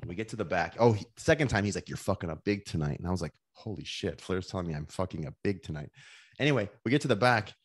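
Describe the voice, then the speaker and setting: A man's voice: low voice, lively intonation, fast, slightly rough. A middle-aged man, a former wrestler on a podcast, telling rambling stories with many restarts. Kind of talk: casual storytelling.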